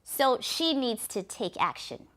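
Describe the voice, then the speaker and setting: A woman telling a folktale and then reflecting on its moral, earnest and lively. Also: a little high, takes it slowly. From Africa. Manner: earnest, lively narration with restarts. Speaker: storyteller.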